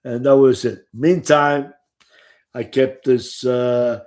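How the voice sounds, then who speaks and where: This older ex-gambler speaks slowly in a steady, medium-pitched voice with a touch of mellowness. He tells rambling, casual stories of his past, swearing freely and saying "you know" a lot.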